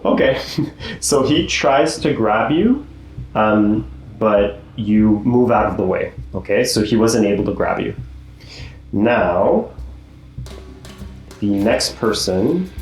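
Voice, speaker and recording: A low-voiced man runs a tabletop game at an unhurried pace, explaining the rules patiently and laughing often. His voice rings in an echoey room with faint music behind. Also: darkish tone. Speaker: game master.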